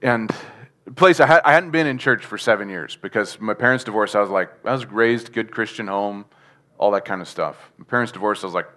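A man's voice: on the low side, a little fast, bright, forceful tone. A man giving a sermon testimony, telling his story earnestly with chuckles and asking the congregation questions. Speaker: preacher.

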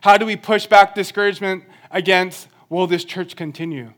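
Earnest high-voiced young man preaching. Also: fairly even intonation, moderate pace, fairly bright tone. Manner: earnest, conversational, self-deprecating humor. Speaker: church speaker. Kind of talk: sermon.

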